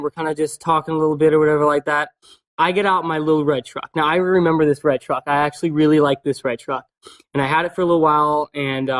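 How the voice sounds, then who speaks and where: Fast-talking, foul-mouthed young guy. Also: a little high. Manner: rambling, swears constantly; many fillers and restarts. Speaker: vlogger. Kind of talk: casual storytelling.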